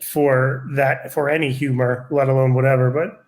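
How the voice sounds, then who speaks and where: A man in his forties, a stand-up comedian, telling a profane and animated anecdote in a casual podcast chat. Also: medium pitch, normal speed.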